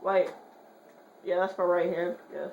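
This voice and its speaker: A woman giving horror game commentary, swearing in rapid repeated bursts and joking while muttering quietly between outbursts. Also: on the low side, flat delivery, phone-quality sound. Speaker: gamer. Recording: roomy echo, faint hiss.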